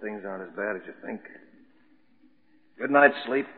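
An actor playing a steady male doctor friend in a vintage radio drama, coaxing and pleading calmly. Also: fairly low pitch, normal speed, lightly acted. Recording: tinny band-limited old recording, echoey.

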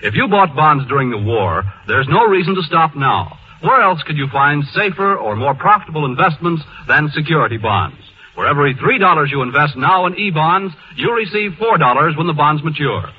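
A male radio announcer reading a scripted 1940s ad in a smooth, persuasive way. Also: on the high side, slight background noise. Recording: muffled old radio broadcast.

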